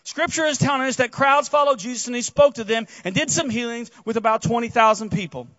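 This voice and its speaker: A pastor with a very high voice gives a casual sermon, retelling the story animatedly, talking fast and often restarting sentences. The recording is dull and dry with no room sound at all.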